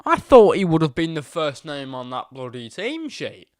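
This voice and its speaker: A young man hosting a live football stream, chatting casually and excitedly, rambling and swearing freely. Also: on the high side, normal speed, dry recording, studio quality. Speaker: livestream host.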